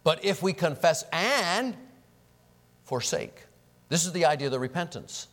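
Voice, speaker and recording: A man preaching a sermon as pastor, animated and acting out the prayers and apologies he quotes. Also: a little high, a little slow. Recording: long reverb of a large hall.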